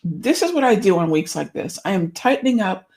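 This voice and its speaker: A woman's voice: medium pitch, very animated, fairly quick, darkish tone. A woman hosting a casual trading livestream from her office, chatty and upbeat, a little out of breath after exercise. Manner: chatty and upbeat, lots of restarts and asides. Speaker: trading show host.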